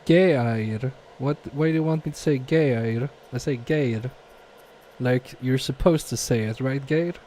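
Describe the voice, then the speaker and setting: A man talks unhurriedly in a mellow, darker tone while he solders and chats on a live stream. He reads viewer comments aloud, mutters to himself and pokes fun at his own mistakes. A faint hiss sits under his voice at his home workbench. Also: mid-range voice, measured pace. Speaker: live-stream repair technician.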